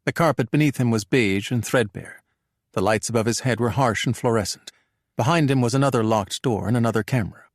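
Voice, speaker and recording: Man, audiobook narration, measured even delivery, mid pitch, dry close recording. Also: dry recording.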